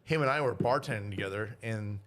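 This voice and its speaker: A man's voice: fairly low pitch, brisk, fairly bright tone. A man co-hosting a casual podcast in a small studio, talking bluntly and swearing freely. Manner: blunt and profane. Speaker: podcast co-host. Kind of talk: casual banter.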